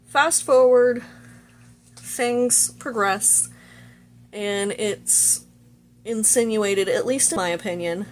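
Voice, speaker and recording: A woman's voice: on the low side, a little hiss or hum. Chatty woman recapping a movie. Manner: chatty, full of "like" and "you know" fillers. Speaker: vlogger. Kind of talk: casual movie recap while doing makeup.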